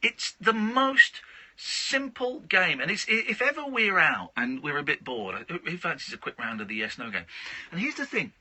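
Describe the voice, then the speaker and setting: A man's voice: fairly high pitch, big pitch swings, moderate pace, pushed and bright, no room sound. Late night radio guy, rambly, voice goes up and down a lot. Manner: chatty, rambling, self-interrupting. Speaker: radio host.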